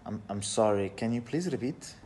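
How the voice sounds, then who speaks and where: A man's voice: fairly low pitch, expressive, normal speed, warm tone, a little hiss or hum, natural voice. A man playing a confused bank customer who stumbles and asks for things repeated. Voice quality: hesitant, stumbling restarts. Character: confused male bank customer, patient then fed up.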